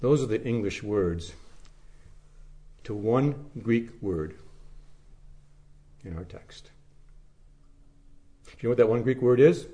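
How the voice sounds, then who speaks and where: A male pastor preaching a sermon, moving from quiet reflective questions to fervent, emphatic repetition. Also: mid-range voice, lively intonation, slow, pauses often.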